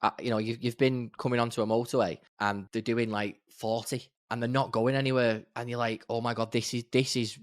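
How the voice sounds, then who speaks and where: A man's voice: mid-range voice, flat delivery, a little fast, hardly any pauses, no echo, clean studio sound. A man co-hosting a podcast in casual chat, easygoing and emphatic, with sarcastic outbursts. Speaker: podcast co-host.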